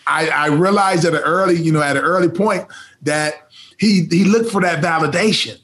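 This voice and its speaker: A male interview host in casual conversation, with a somewhat high-pitched voice. He hesitates often, filling gaps with "um" and "uh" and restarting his sentences. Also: normal speed, fairly bright tone. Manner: hesitant, with many fillers and restarts.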